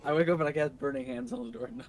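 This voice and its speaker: A man in his thirties playing a tabletop game, drowsy and deadpan. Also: a little high, rapid-fire, creaky, a little hiss or hum. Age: 30s. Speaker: player. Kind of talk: casual chat in a tabletop game.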